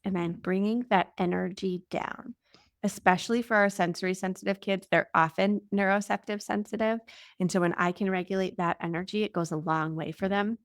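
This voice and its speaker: A young adult woman answering interview questions as a parenting guest, explaining in a casual, warm way with many filler words. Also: mid-range voice, fairly quick, no echo, studio quality.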